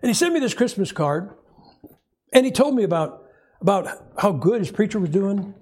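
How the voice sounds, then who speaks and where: A middle-aged male preacher with a fairly high, husky voice and a mellow, dark tone. He delivers a sermon in a storytelling style, wry and animated. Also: moderate pace. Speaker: pastor.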